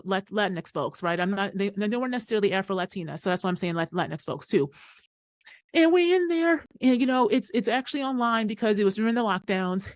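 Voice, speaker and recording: A woman's voice: mid-range voice, no echo, studio quality. A woman hosting a podcast, telling a personal story in a casual, emphatic and profane way. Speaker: podcast host.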